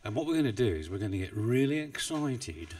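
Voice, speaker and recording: A man's voice: medium pitch, very animated, fairly quick, darkish tone, distant mic. A man chatting casually on a trading live stream, rambling and self-deprecating, with frequent chuckles. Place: home desk in the UK. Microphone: desk mic, not well placed.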